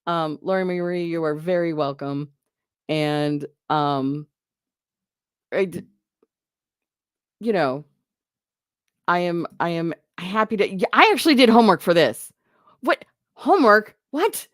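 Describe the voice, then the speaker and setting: A woman's voice: on the low side, unhurried, long pauses, clear, resonant tone, no echo, studio quality. A woman hosting a live stream, chatting casually and answering viewer comments in a rambling way, often breaking off and laughing.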